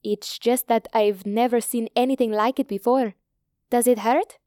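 A woman voicing a caring young woman, a doctor's daughter, who asks gentle but insistent questions. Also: fairly high pitch, steady tone, normal speed, clean tone, no echo, clean studio sound, lightly acted.

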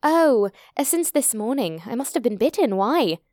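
A woman voicing a young female holidaymaker who is feverish and irritable, her lines pitched up high and clipped. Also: sing-song, normal speed, a little mellow, dry recording, clean studio sound. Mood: friendly.

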